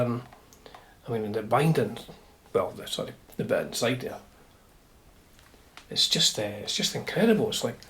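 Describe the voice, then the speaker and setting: A man's voice: mid-range voice, husky. A Scottish man hosting a guitar channel, chatting casually with wry jokes and muttered asides. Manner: wry, chatty, drops to asides under his breath. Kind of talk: casual chat.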